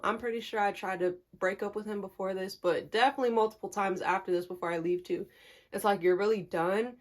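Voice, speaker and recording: A young woman tells a personal story in a candid, animated vlog, talking directly to her viewers and laughing along the way. Her voice sits at a medium pitch and swings between hushed and emphatic moments. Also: fairly quick. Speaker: vlogger.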